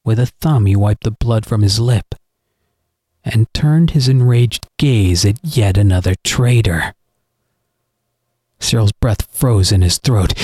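A man reading a horror story aloud in an expressive, dramatic narrating style. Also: medium pitch, a little slow, no echo. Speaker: audiobook narrator.

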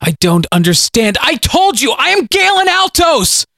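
A man's voice: medium pitch, normal speed, no room sound, lightly acted. Condemned prisoner in a storybook, a worn-out man pleading in confusion, read by a man, in a dry room. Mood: frantic shouting. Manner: bewildered, pleading, breaking into shouts.

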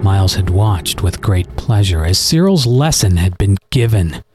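A man reading a horror story aloud in an expressive, dramatic narrating style. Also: low-pitched, measured pace. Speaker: audiobook narrator.

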